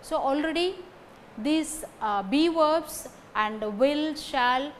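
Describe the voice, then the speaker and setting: This slow, recorded phonetics lecture comes from a woman with an Indian English accent and a high-sitting voice, backed by a faint hiss or hum. She drills each example sentence by repeating it, then points out which words carry stress.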